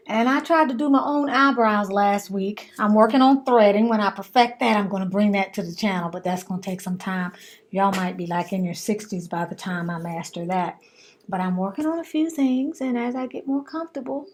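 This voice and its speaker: A woman's voice: mid-range voice, animated, fairly quick. A woman chatting casually and affectionately to her viewers in a home vlog. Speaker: hair vlogger.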